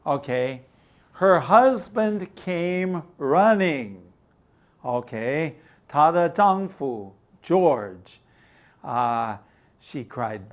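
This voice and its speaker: An older man teaching English through a story, explaining words slowly and glossing them in Mandarin. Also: fairly high pitch, expressive, muffled recording.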